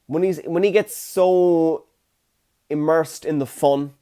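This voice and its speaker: A man's voice: fairly high pitch, steady tone, slow, warm tone, smooth. A young man, hosting a casual solo podcast with chatty, jokey storytelling. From Ireland. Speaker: podcast host.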